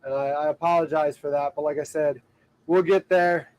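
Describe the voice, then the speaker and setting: High-voiced man chatting on a boat livestream. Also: fairly even intonation, normal speed, a little mellow, low-quality recording. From Ohio, USA. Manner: rambling, filler-heavy talk with many "like"s and frequent laughter. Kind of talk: casual live-stream chat. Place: outdoors on a boat on the water.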